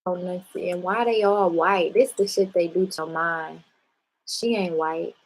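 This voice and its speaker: A woman's voice: fairly low pitch, steady tone, unhurried, low-quality recording. A woman hosting a casual spiritual talk, speaking bluntly and with profanity straight to her viewers. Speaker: spiritual live-stream host.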